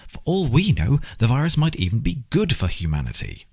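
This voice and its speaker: Guy doing a slow sneering slavic-accented oligarch, smug and menacing, kinda husky. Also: medium pitch, wildly swooping pitch, darkish tone, voice pushed up, full character voice. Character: sneering middle-aged male oligarch boss. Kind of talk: audiobook character reading.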